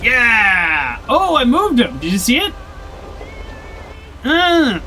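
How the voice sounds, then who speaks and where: A young man with a bright, animated voice talks his way through a video game, chatty and playfully outraged. Faint game music runs underneath his commentary. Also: extremely high pitch, slow, low-quality recording. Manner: chatty, mock-indignant, laughs at himself. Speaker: streamer. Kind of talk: casual gameplay commentary.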